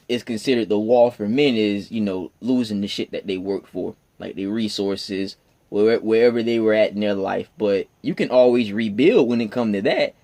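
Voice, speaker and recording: Man in his twenties on a rambling rant. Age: 20s. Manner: rambling, stammering, profane, swings between loud emphatic bursts and low mutters. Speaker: podcast host. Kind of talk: solo morning rant.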